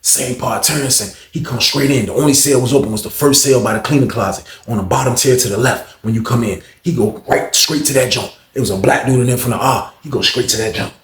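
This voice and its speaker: Animated man telling a story in an echoey room. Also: medium pitch, fast, hardly any pauses. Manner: animated, repeats himself, acts out scenes. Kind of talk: casual storytelling.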